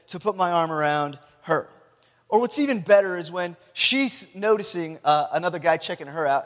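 Male pastor, a bit high-voiced, chatty sermon delivery, long church-hall reverb. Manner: conversational, repeats words when restarting.

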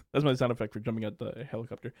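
A man's voice: mid-range voice, darkish tone, no room sound, clean studio sound. A young man hosting a podcast, ranting casually and crudely, laughing often and acting out quoted people in raised voices. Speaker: podcast host. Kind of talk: casual solo rant.

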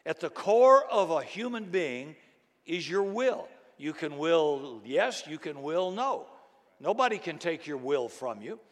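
A middle-aged male pastor preaching a sermon in a dynamic style, swinging between loud emphatic shouts and quiet low asides. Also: sing-song, a little slow. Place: church sanctuary. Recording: long hall reverb.

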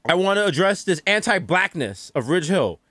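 Animated man joking around. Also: sits high, moderate pace, dry recording. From the Bronx, New York. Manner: profane, mocking, acts out voices in jokes. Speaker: podcast co-host. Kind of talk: casual comedic chat.

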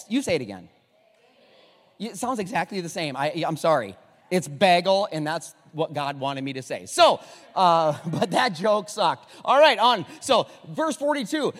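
A man preaching a sermon, joking and swinging from hushed to loud, in an echoey church hall. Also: sits high, sing-song, normal speed. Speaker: pastor.

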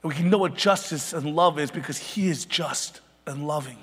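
A pastor in his thirties preaching a sermon with passion, moving from loud emphatic peaks down to hushed, near-whispered lines. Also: fairly high pitch, moderate pace, slightly rough. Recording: long hall reverb.

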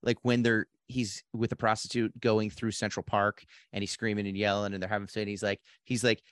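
A man in a casual movie podcast, eager and a bit halting as he describes his favorite scenes. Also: on the low side, flat delivery, clean tone, no echo, clean studio sound.

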